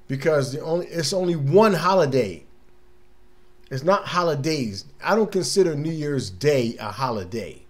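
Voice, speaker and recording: A man hosting a casual radio talk monologue, laid-back and chatty, often laughing and acting out little scenes from his day. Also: medium pitch. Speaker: radio show host.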